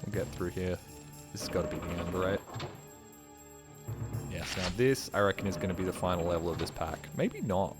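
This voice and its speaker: A man's voice: low-pitched, normal speed, long pauses. A man streaming a video game live, tired and rambling, joking and swearing as he plays. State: tired, ears ringing. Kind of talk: casual live gameplay commentary. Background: game music.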